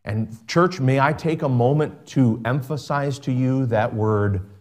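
A man preaching a sermon as pastor, slowing down to stress words and dropping to a soft voice at the ends of phrases. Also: mid-range voice. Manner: preaching with slow emphatic stretches and soft drops.

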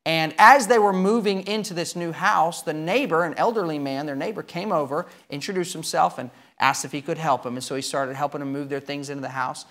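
A man preaches a sermon and tells a story, swinging emphatically between loud and quiet. His voice is a little high, and he speaks briskly with hardly any pauses.

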